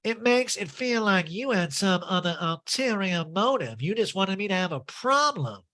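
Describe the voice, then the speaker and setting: A man voicing a defensive, self-absorbed reality-TV woman in a slow, pointed delivery. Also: sits high, big pitch swings, pushed and bright, voice pushed up, full character voice.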